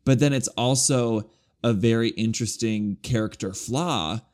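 A man's voice: mid-range voice, measured pace, a little mellow. A young man co-hosting a podcast, chatting casually and filling his talk with "like". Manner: chatty, peppered with "like". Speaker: podcast co-host.

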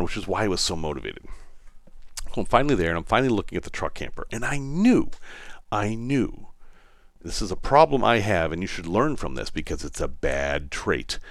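Podcast host, man, Boston accent; low voice that swings widely, dry close sound, wry and self-deprecating. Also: dry recording. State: in pain. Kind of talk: casual storytelling monologue.

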